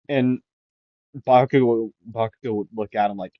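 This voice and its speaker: A man making up an anime fan-fiction story out loud, rambling with lots of fillers and self-corrections. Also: fairly low pitch, steady tone, unhurried, no echo. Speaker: anime YouTuber. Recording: dull lo-fi dry mic.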